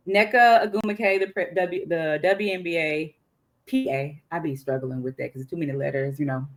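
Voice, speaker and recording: A woman's voice: deep voice, fairly even intonation, moderate pace. A woman with a Southern US accent co-hosting a podcast, chatting in a casual, colloquial way and often breaking off mid-thought. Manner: chatty, colloquial, self-interrupting. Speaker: podcast co-host.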